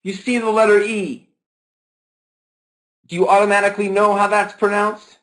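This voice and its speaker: Lively man teaching a webinar. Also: sits high, normal speed, poor audio. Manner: lively, asks the audience questions and answers himself; stretches words to show stress and intonation. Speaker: webinar presenter.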